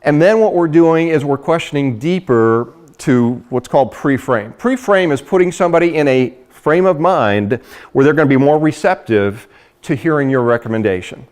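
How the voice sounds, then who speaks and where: A middle-aged man giving a lively sales training talk, acting out conversations and laughing often. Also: a little high, normal speed. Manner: animated storyteller, acts out dialogue, laughs often.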